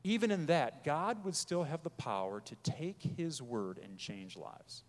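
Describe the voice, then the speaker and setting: A man preaching a sermon as pastor, emphatic, pressing his points hard and then dropping his voice low. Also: lively intonation, unhurried, in a large hall.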